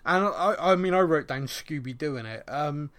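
A middle-aged man co-hosting a podcast, recapping a TV episode in rambling, animated casual chat and laughing often. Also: on the high side, normal speed. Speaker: podcast co-host.

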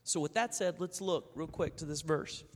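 A man's voice: on the high side, normal speed, long reverb tail. A man preaching a sermon in a conversational way, telling stories and acting out the people in them. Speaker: pastor.

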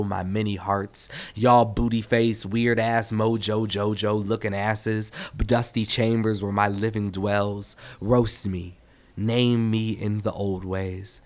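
A man reading his own poetry aloud, with an expressive, rhythmic delivery that rises and falls in loudness. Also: lowish voice.

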